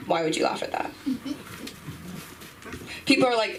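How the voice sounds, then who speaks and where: Her voice is mid-range with lively intonation and an unhurried delivery as she hosts an open mic on a comedy club stage. The young woman's set is loose, rambling, and self-mocking, with sudden yelps. She's heard from a distant mic over a noisy room.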